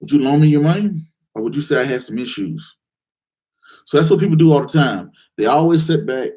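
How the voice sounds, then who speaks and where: A man hosting a live investing call-in show, answering viewers' questions in a direct, challenging way with lots of rhetorical questions. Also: brisk. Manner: animated, acts out excited investors in a higher voice.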